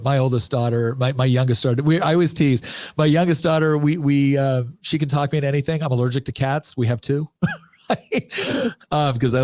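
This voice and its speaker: Male guest, forties, earnest storyteller, average pitch, dry close sound. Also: no echo. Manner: earnest, emphatic, repeats words when moved. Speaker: podcast guest. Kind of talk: heartfelt conversational storytelling.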